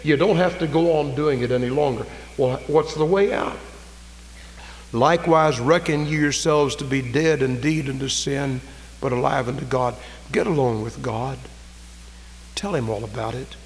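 A man preaching a sermon, fervent, swinging from loud raised cries to low, quiet storytelling. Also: normal speed, in a large hall, rough recording. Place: church.

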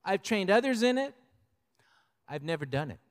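A man's voice: high voice, sing-song, moderate pace, big-room sound. An older man preaching a sermon as pastor, in a conversational way, with personal stories.

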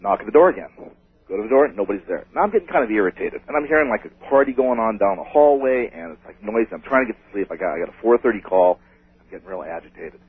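A man calling in to a radio show, telling a ghost story in an excitable, rambling way. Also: on the low side, fast talker, husky. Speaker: caller. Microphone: telephone. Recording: tinny phone line.

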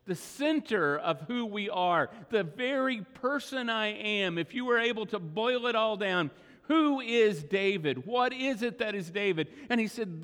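A middle-aged man preaching a sermon as pastor, earnest and emphatic, slowing down to stress key words. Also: sits high, expressive, a bit bright. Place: church sanctuary. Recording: long hall reverb.

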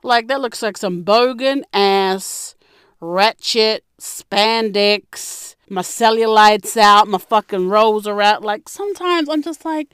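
A young woman, ranting and telling stories in a brash, profane way, with sudden high-pitched outbursts. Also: slow, fairly bright tone, smooth, no room sound, clean studio sound. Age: young adult. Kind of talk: profane storytelling rant to camera.

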